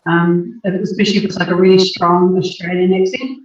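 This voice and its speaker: A woman's voice: on the low side, steady tone, brisk. Kiwi woman cohost, lots of ums and likes, muffled and far away in an echoey room. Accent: New Zealand. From New Zealand. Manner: hesitant, many ums and likes. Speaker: podcast co-host. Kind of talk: casual podcast chat. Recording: dull, roomy, distant mic.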